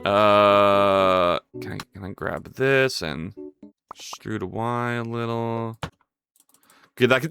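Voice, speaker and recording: A live streamer chatting casually while working, rambling in self-talk and breaking into sudden loud outbursts and swearing. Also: low voice, slow, creaky, clear, resonant tone, no room sound, soft background music.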